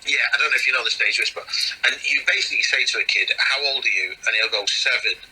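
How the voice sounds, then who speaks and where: A man, a comedian, telling backstage stories in a lively way and acting out what others said. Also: medium pitch, fast, breathy edge, rough recording. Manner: lively storyteller acting out quotes. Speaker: comedian guest. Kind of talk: casual anecdote telling.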